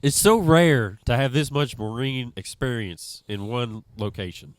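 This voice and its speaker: A man, the show's producer, chiming in with rambling, halting requests. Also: medium pitch, no echo. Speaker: show producer. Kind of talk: casual chat.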